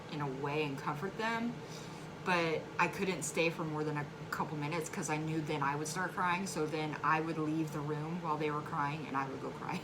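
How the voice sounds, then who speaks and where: A woman frankly telling a personal story on her vlog, halting and restarting, flaring up when angry. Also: deep voice. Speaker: vlogger sharing a personal story. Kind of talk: candid conversational storytelling. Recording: clear background noise.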